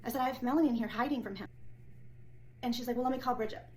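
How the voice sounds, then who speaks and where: A woman's voice: a little high, rapid-fire, a little mellow, a little hiss or hum, poor audio. A woman venting in an agitated monologue, retelling a workplace clash and acting out every line of dialogue. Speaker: former assistant assessor. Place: indoors, filmed herself.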